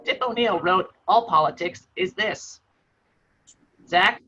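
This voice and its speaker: A man hosting a trivia quiz over a video call, reading clues in a brisk, matter-of-fact way. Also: sits high, pushed and bright, slightly rough. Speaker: quiz host. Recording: slightly muffled video call audio.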